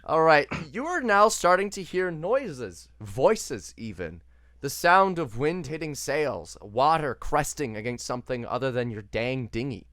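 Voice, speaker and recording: Game master, casual tabletop narration, hesitant, smooth voice, dry sound. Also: mid-range voice, sing-song, measured pace, a bit bright, dry recording. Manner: hesitant, lots of uh and restarts, casual. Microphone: desk mic on a voice call.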